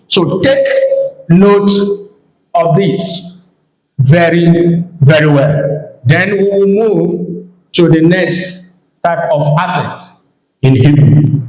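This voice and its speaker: A man with a high voice teaches a Hebrew grammar lesson at a slow, deliberate pace. He repeats each term and keeps reminding the learner to take note. The room around him is echoey. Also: a little mellow.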